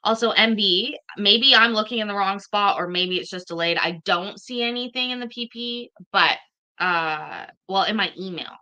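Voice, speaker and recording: A woman's voice: medium pitch, moderate pace, sharp tone, dull audio. A woman streamer reacting to a court hearing, chatty and joking with her viewers. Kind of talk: casual reaction commentary.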